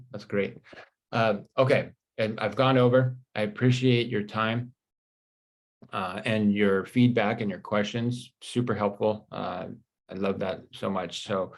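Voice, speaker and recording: Guy with a lowish voice doing a live coaching session, chill and reassuring, says "right?" a lot. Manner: reassuring, conversational, frequent "right?" tags; reads viewer comments aloud. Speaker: life coach.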